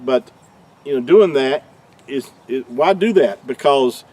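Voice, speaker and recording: Halting male religious teacher, distant mic. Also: mid-range voice, animated, darkish tone. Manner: halting, repeats and restarts words; deliberate, explanatory delivery.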